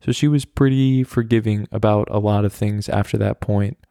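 A man's voice: lowish voice, fairly even intonation, moderate pace, vocal fry, mellow, clear, resonant tone, no room sound, studio quality. An American man hosting a podcast, telling candid personal stories in a rambling, casual way, full of "like" fillers and swearing. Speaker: podcast host. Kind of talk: casual storytelling monologue.

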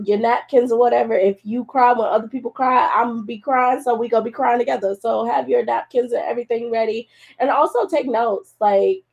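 A woman's voice: on the high side, creaky, dark tone. A tearful woman hosting a solo podcast, talking casually and encouraging her listeners while she cries. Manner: emotional, encouraging, addresses listeners as y'all. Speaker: podcast host.

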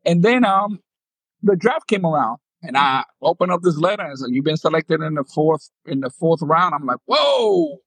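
In a fairly high, husky voice at a moderate pace, a Dominican-born former ballplayer in his fifties with a New York accent tells stories as an interview guest. He acts out quotes animatedly and laughs a lot. The recording has no room sound and poor audio quality.

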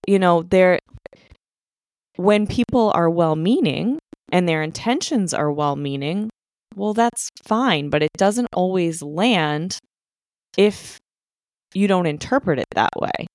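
A woman co-hosting a casual podcast, with a notably low voice. She lays out her points step by step and pauses to check that she is being followed. The recording is dry and close-miked. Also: animated, a little mellow, dry recording. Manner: explanatory, checks in with "okay?". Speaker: podcast co-host. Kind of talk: casual conversation.

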